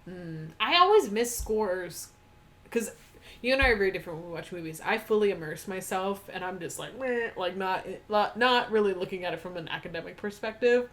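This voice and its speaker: A woman's voice: mid-range voice, expressive, a little fast. A woman co-hosting a casual movie-watching chat, talking in a chatty, rambling way and giggling often. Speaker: co-host.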